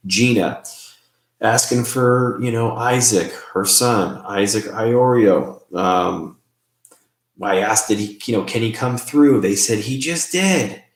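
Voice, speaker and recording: A man with a fairly low voice hosts a live stream, talking loosely and haltingly and restarting his sentences often. His voice rings in an echoey room. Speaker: host. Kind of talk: live-stream chat about spirit box sessions.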